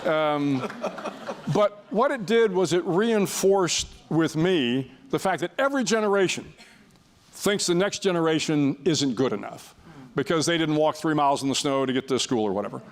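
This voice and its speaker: A man's voice: fairly high pitch, lively intonation, moderate pace. Older man telling a wry story. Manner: wry, self-deprecating storytelling with frequent restarts. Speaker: guest speaker. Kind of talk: storytelling talk before an audience.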